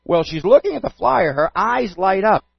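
A man's voice: high voice, animated, normal speed, vocal fry, slightly rough, dry recording. A man preaching a sermon and telling a story in an earnest way. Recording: dull, dry lo-fi sound.

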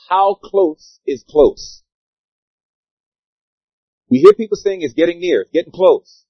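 A man preaching a sermon, asking his congregation questions and swinging between loud declarations and quiet asides. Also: sits high, breathy edge, no echo, lo-fi sound. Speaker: pastor.

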